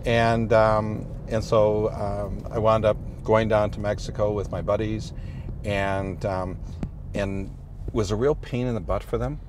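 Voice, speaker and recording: Middle-aged priest, deep-ish voice, rambling and good-humored, road noise of a moving car behind him. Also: male voice, steady tone, measured pace. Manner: rambling, many restarts and "you know"s, good-humored. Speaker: priest, interview guest. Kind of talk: casual storytelling chat.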